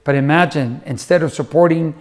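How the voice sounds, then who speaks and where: A man's voice: fairly high pitch, a little fast. A middle-aged man giving a conversational motivational talk, telling family stories and acting out the voices of the people in them. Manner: conversational, acts out quoted voices. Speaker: motivational speaker.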